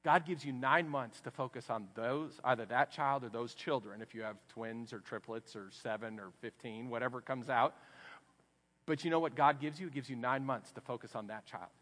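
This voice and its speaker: A man with a Texan accent preaching a sermon, swinging from hushed, low passages up to loud, emphatic ones. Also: moderate pace. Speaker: pastor. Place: church sanctuary. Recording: long hall reverb.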